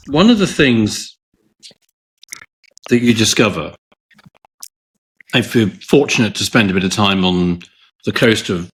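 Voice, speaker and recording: A man co-hosting a casual podcast chat, telling long, rambling stories with many restarts. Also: on the low side. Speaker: podcast co-host.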